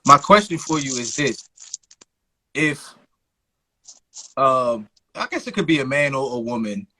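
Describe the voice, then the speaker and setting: A man's voice: mid-range voice, lively intonation, a little slow, pushed and bright, a little hiss or hum, poor audio. A man hosting a casual podcast chat, upbeat and asking guests questions. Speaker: host.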